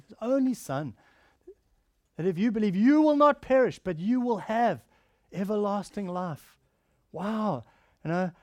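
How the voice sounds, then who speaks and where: A man preaching a sermon, swinging between emphatic raised lines and soft, quiet passages. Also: sits high, no room sound, clean studio sound. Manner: earnest preaching, rising to emphatic then dropping soft and quiet.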